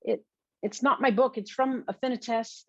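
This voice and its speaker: A woman's voice: a little high, fairly even intonation, moderate pace, dry recording, pitched above the performer's own voice. A woman reading the lines of an aloof young man who pleads and coaxes, in a dull recording. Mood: pleading. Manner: coaxing, pleading.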